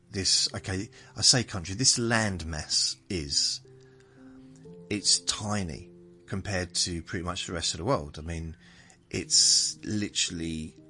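A man's voice: deep voice, pushed and bright. A man with a southern English accent, hosting a podcast as a meandering, self-correcting monologue meant to lull listeners to sleep. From southern England. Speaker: podcast host.

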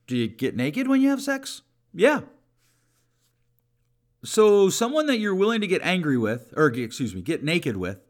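An earnest middle-aged man talking through advice on his podcast. His voice sits a little high for a man, and he keeps a conversational tone, circling back to repeat his main points. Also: fairly bright tone. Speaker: podcast host and counselor. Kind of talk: solo podcast talk, advice.

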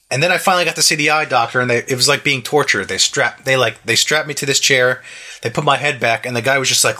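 A man in his thirties chats casually with a bright, forward tone. He rambles through a story, full of "like" and restarts, slipping into quick impressions of the people he met. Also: mid-range voice. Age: 30s. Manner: rambling storyteller, many fillers and restarts, acts out quotes. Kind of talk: casual chat.

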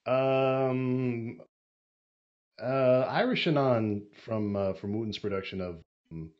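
A man's voice: mid-range voice, takes it slowly. A man guest on a podcast, chatting casually and rambling with plenty of fillers. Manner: rambling, filler-heavy, wry. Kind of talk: casual chat. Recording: dull lo-fi podcast audio.

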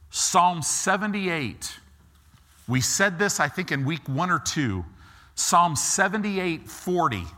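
A middle-aged man preaching a sermon, animated and acting out quick asides as he talks. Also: a little high. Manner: animated, acts out God and people in quick asides.

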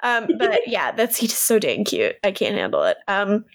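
A young woman co-hosting a podcast, recapping a show in casual chat, animated and laughing as she quotes characters. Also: mid-range voice, moderate pace, gravelly, no room sound, studio quality. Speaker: podcast co-host.

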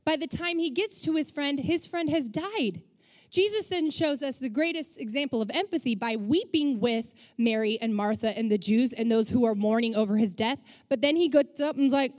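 A woman pastor preaching a sermon, telling stories with animated energy and briefly acting out the people she quotes. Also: high-pitched, in a large hall. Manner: animated storytelling, acts out quoted voices.

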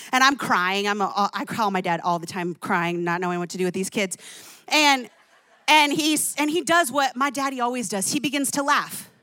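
A woman's voice: high voice, pushed and bright, dry recording. A woman in her thirties preaching a sermon, telling stories with emphatic, exclamatory delivery. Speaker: pastor.

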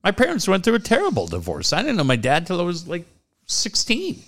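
A middle-aged man in a casual chat tells stories with swearing, jumping into loud, high quoted voices. His pitch swings widely, and his voice sits a bit high for a man. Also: wildly swooping pitch, brisk. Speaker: storyteller in a chat.

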